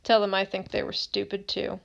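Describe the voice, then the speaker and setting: A woman's voice: medium pitch, monotone, a little fast, creaky. A woman reading as a grieving teenage boy who writes to a dead friend in plainspoken, slangy words, in an audiobook.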